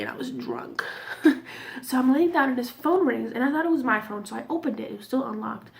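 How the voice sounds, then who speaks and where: A woman vlogger in her twenties tells a personal story to camera, casual and candid, swearing freely and sometimes dropping almost to a whisper. Her voice is on the high side and gravelly, with a little hiss or hum in the recording.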